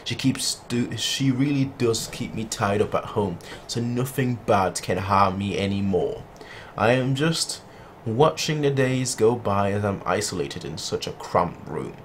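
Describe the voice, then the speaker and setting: A lonely sixteen-year-old girl from a manga, trapped at home and quietly desperate, read aloud by a man. The voice is soft and pleading, kept low rather than raised into a girl's register. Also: lively intonation, measured pace, hardly any pauses, slight background noise. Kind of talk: reading manga dialogue aloud.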